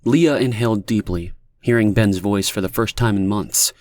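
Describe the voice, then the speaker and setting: A man narrating a dark fiction audiobook in a steady, measured reading. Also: fairly low pitch.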